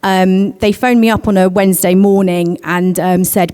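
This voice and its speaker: A woman panellist candidly telling a personal story at a conference, hesitant, with many pauses. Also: medium pitch, steady tone, darkish tone, clean tone. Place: conference hall. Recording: long hall reverb.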